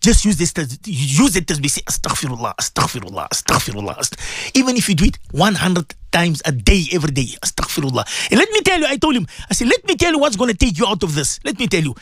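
Impassioned high-voiced cleric. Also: male voice, sing-song, fast, no echo. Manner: impassioned, repetitive, pleading, preacherly. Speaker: Islamic radio presenter and cleric. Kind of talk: emotional radio advice talk.

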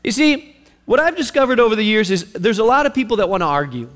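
A man's voice: sits high, very animated, fast, fairly bright tone. A man preaching a sermon as pastor, telling a scripture story animatedly and acting out its characters. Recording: long reverb of a large hall.

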